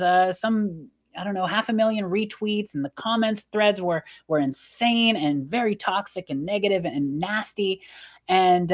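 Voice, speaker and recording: A woman hosting a talk show, telling a personal story in an earnest, emotional way with many restarts. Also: medium pitch. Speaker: host.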